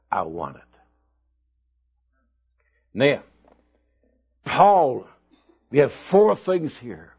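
A man preaching a sermon, telling his own testimony slowly and with emphatic bursts of loudness. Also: on the high side, gravelly, breathy edge. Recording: dull lo-fi recording.

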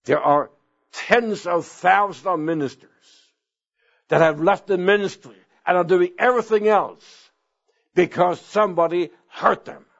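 A middle-aged or older man preaching a sermon as pastor, earnest, with sudden swings in pitch and slow emphatic phrases. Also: creaky. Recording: dull lo-fi sound.

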